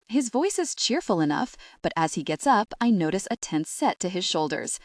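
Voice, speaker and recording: A woman narrating a comic novel in the first person, expressive and animated. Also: fairly low pitch, moderate pace, hardly any pauses, no echo, clean studio sound. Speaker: audiobook narrator.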